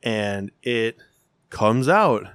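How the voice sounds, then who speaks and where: A man's voice: on the low side, extremely slow, smooth, no echo. Blunt, profane man in casual chat. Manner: blunt, profane, animated storytelling.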